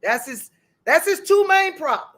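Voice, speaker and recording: A woman hosts a live stream in a bright, forward voice. She recaps gossip in a casual, chatty way and greets viewers as they join. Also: high-pitched, expressive, normal speed. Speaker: livestream host. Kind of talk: casual commentary.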